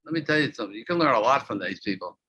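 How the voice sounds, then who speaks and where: A man's voice: mid-range voice, lively intonation, rapid-fire, pushed and bright, slightly rough, no room sound, muffled recording. A man being interviewed as an entertainment producer, talking casually and telling rambling stories with repeated words and acted-out quotes.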